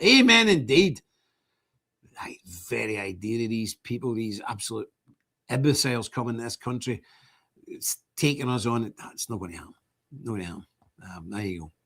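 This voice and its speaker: Husky fiery British-born older man ranting. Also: fairly high pitch. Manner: fiery, preachy, defiant. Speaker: streamer host. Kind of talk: impassioned livestream rant.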